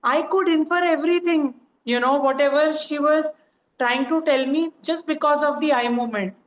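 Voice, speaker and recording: A woman chats through her experiences with plenty of "you know" fillers. Her voice sits high, and the room rings with echo. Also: normal speed. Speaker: coaching participant sharing experience. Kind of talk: casual online group call.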